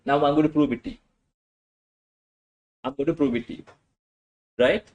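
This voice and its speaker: A man's voice: mid-range voice, darkish tone, low-quality recording. A male lecturer teaching a class, often asking "what?" and answering himself. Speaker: accounting lecturer.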